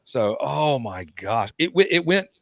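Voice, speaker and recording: A man co-hosting a podcast, telling stories in casual chat in an animated, teasing way. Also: medium pitch, unhurried, vocal fry, noisy background. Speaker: podcast co-host, hockey league director.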